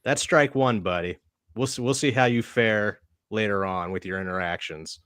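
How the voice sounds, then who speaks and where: A man with a fairly low voice talks through comic panels in a relaxed, wry way, tossing in quick asides. The recording is dry and close. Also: clear, resonant tone, no room sound. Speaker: podcast co-host reviewing comics. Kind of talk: casual chat.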